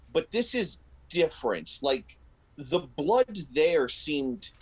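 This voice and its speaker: A man's voice: a little high, low-quality recording. A man narrating a tabletop role-playing game as game master, telling the scene in vivid detail. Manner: descriptive, animated storytelling with frequent restarts.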